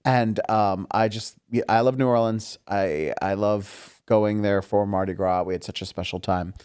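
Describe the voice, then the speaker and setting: A man's voice: on the low side, fairly even intonation, a little mellow, clean tone. A man co-hosting a podcast in casual chat, readily agreeing and backing the others up. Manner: agreeable, quick to back others up.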